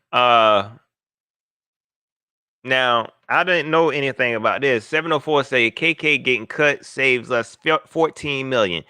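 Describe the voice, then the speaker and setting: A man hosting a live call-in sports show, animated and slangy, joking as he reads viewer comments aloud. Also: mid-range voice, slow, pauses often, clean tone, dry recording. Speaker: sports podcast host.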